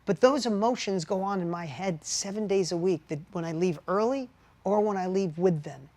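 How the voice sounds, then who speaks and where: A man's voice: high voice, normal speed, darkish tone. A middle-aged man co-hosting a podcast with his wife, talking candidly in an earnest, heartfelt, confessional way and telling stories with animation. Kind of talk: candid conversational podcast talk.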